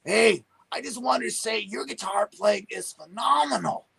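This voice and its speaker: Man doing a squeaky, eager male drummer, friendly, pitched way up; one of the guest's impressions. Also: measured pace, creaky, fairly bright tone, husky, no room sound, exaggerated voice.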